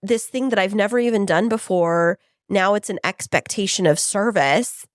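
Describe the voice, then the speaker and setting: A woman's voice: medium pitch, moderate pace, no room sound, studio quality. Candid woman co-host telling stories. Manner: candid, storytelling, many "like" fillers. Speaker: podcast co-host. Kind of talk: casual podcast conversation.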